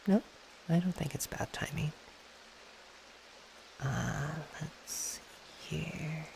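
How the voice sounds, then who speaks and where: ASMR streamer, mid pitch, gravelly fry, hushed whisper, relaxed chat replies. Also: slow pace, long pauses, noisy background. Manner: relaxed, chatty, reads and answers chat aloud. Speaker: VTuber streamer.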